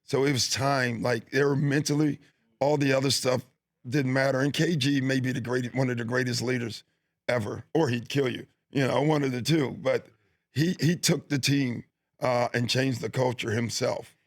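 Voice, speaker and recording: A man's voice: medium pitch, steady tone, moderate pace, dry recording, clean studio sound. Easygoing middle-aged man telling stories. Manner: easygoing, with frequent fillers and restarts. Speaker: basketball coach, guest. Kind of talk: relaxed storytelling interview. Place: studio.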